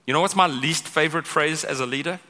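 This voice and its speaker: A man preaching a sermon as pastor, chatty and animated, often checking in with "right?" and acting out quoted lines. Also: on the high side, quick pace. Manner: conversational, keeps asking "right?"; acts out quoted speech with big vocal swings. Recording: long hall reverb.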